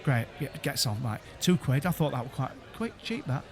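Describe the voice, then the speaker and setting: A man's voice: medium pitch, sing-song, moderate pace, faint music behind. A man, co-hosting a casual chat among friends and telling a rambling story full of restarts and laughter. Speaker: podcast co-host.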